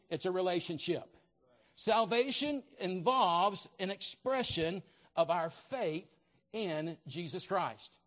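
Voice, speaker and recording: High-voiced man preaching a sermon. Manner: fervent evangelical preaching with repeated phrases. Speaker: visiting preacher.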